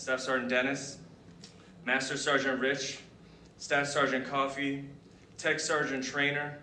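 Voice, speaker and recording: A middle-aged man speaks at his own retirement ceremony, thanking people in a halting, emotional way with lots of ums and restarts. His voice stays fairly flat in pitch and comes from some distance off the mic. A big echoey hall and steady background noise surround him. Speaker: retiring senior master sergeant giving a speech.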